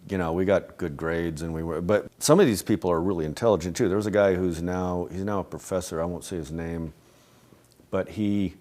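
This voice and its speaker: Low-voiced man, rambling and laughing softly. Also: a little fast. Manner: rambling, with many restarts and soft laughs. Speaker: interview guest, animator and voice actor. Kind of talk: casual interview conversation. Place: a home.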